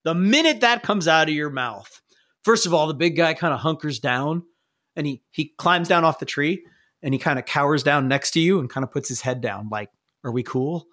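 A man runs a tabletop game, his voice high for a man and swinging widely in pitch. He narrates in a playful way and laughs easily. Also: expressive, normal speed, a bit bright. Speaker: game master.

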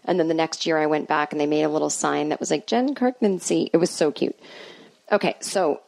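A woman's voice: deep voice, level tone, a little fast, creaky, darkish tone. A woman in her forties hosting a podcast, telling a rambling, self-deprecating comedic story in a chatty way. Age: 40s. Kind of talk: casual comedic monologue.

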